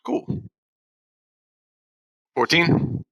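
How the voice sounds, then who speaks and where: A man's voice: drawn-out words, fairly bright tone, poor audio. A man playing a tabletop game, eager and tripping over his words as he lays out his moves. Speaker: player.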